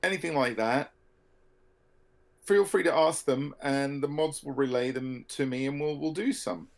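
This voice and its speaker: A man's voice: a little high, unhurried, creaky. A man hosting a casual livestream Q&A, giving short, easygoing prompts. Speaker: stream host.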